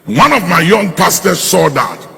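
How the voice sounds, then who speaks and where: A man preaching with a raspy, gravelly voice and a bright, sharp edge, recounting a story from the pulpit. His voice rings through a large hall with a long echo. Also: high voice, very animated, measured pace. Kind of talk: sermon testimony. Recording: reverberant hall.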